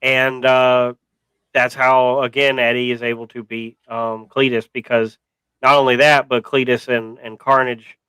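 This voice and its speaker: Bright, crisp-voiced man rambling about a film. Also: mid-range voice, level tone, a little slow, no echo, rough recording. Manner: rambling, many fillers and restarts, wry. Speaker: podcast co-host. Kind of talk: casual movie review chat.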